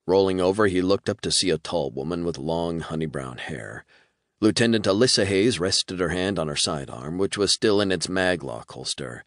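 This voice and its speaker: A man narrating an audiobook in a measured, storytelling manner. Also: sits low, dry recording, clean studio sound. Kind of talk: scripted narration.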